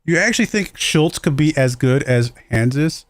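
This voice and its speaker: A man livestreams a football management game, musing aloud as he plays and chuckling self-deprecatingly at his own mistakes. His voice is a little high and animated, at normal speed, with no room sound.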